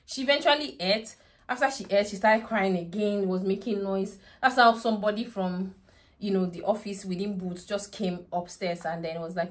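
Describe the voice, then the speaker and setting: A woman's voice: medium pitch, a little fast. A young woman, a mother telling a dramatic story about her toddler in a casual vlog, often laughing and going into prayerful asides.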